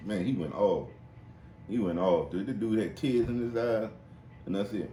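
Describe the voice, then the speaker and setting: At a moderate pace, this man spins casual stories on his podcast, swearing freely and doing high, squeaky impressions of the characters. There's a roomy echo with a bit of background noise.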